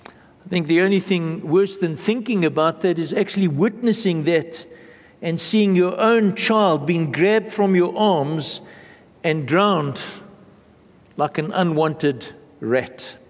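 A man preaching a sermon in a church, earnest and measured, often pausing and repeating phrases. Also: a little high, big-room sound. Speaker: pastor.

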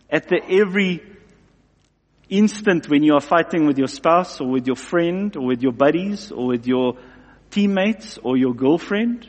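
A man preaching a sermon in an animated way, acting out both sides of everyday scenes. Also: a little high, measured pace, pauses often. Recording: long hall reverb.

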